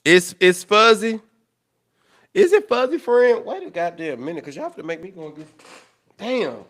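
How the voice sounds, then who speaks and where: A man's voice: high voice, big pitch swings, moderate pace. A young man hosting a livestream, chatting casually with viewers in a blunt, profane, exasperated way. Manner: blunt and profane, loud and exasperated, swearing at tech trouble. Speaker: livestream host.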